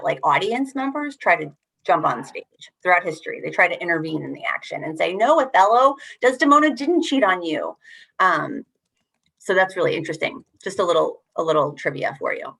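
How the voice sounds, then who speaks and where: A young woman with a slightly low voice guides a group of teachers through an online workshop. She talks in an encouraging, animated way, leaning hard on key words as she rereads lines. Her voice comes through a video call. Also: vocal fry, breathy edge. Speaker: workshop facilitator.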